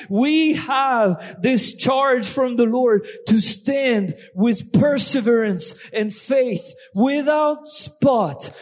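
A slow-paced man with a high voice and a French accent preaches in a church, pressing his points with emphasis and bursts of shouted praise. His words ring out with a long reverb across a large hall. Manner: emphatic, restarts often, breaks into shouts of praise. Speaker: guest preacher. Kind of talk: sermon. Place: church sanctuary.

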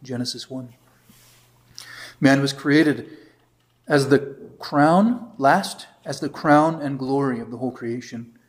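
Speaking slowly and pausing often, an American man with a mid-range voice teaches catechism as a priest. He keeps a conversational lecture tone, telling anecdotes in quoted voices and reading passages aloud.

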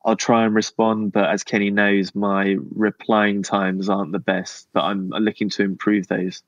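A man's voice: fairly low pitch, flat delivery, moderate pace, no room sound, highs cut off. A British man from Cornwall, a designer appearing as a podcast guest, chatting casually in a hesitant, self-deprecating way with many fillers. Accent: British English. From Cornwall, England. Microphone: remote call.

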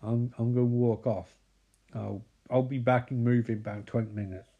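A man voicing a needy young woman from a horror film, speaking softly and pleading. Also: mid-range voice, steady tone, moderate pace, phone-quality sound, natural voice.

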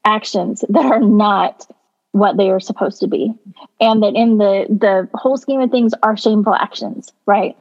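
A woman's voice: mid-range voice, a little mellow. A woman talks about faith with strong feeling, stacking up repeated phrases to drive her point home. Her voice comes through a slightly dull, muffled recording. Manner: emotional, repetitive, emphatic. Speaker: co-host of a Christian talk show. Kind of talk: heartfelt faith discussion.

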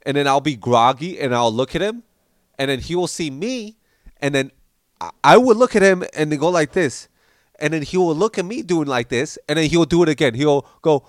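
A man's voice: on the high side, a little fast, no room sound, clean studio sound. A man casually telling stories about his childhood and acting out how his family spoke. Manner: animated, acts out family members while telling stories. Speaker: podcast storyteller. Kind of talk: casual storytelling.

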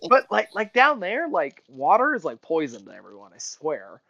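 A man co-hosting a book podcast in a casual chat, telling animated stories with lots of laughs and restarts. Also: a little high, moderate pace, gravelly. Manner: animated storyteller, laughs often, trails off into restarts. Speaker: podcast co-host. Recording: dull lo-fi sound.

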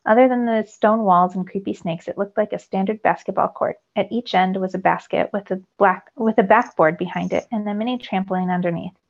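A woman teacher reading a novel aloud to her students, telling it with lively storytelling that rises with the action. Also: medium pitch, brisk, creaky, few pauses. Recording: dull lo-fi recording.

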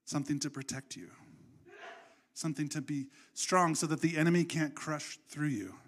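A man preaching a sermon in an animated, conversational storytelling way. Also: medium pitch. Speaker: pastor.

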